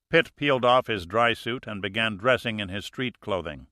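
A man narrating a thriller audiobook in a steady, measured way. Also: on the low side, dry recording, studio quality. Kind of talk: scripted narration.

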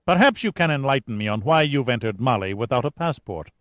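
A man's voice: mid-range voice, expressive, brisk, no echo, dull audio, pitched above the performer's own voice, close to an everyday voice. A man voicing a menacing, sarcastic male general who interrogates a prisoner, in a sneering, commanding manner.

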